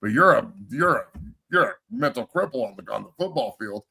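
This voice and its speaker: A middle-aged podcast host and football coach tells stories bluntly in casual chat, swearing plenty and offering heartfelt praise. His medium-pitched voice swings widely in pitch and is brisk, creaky, sharp and slightly rough.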